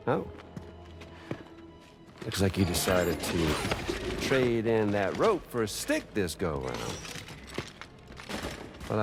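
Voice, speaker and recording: A man's voice: deep voice, exaggerated voice. An actor playing a taunting, theatrical male villain in a game cutscene, speaking in mocking, drawling taunts.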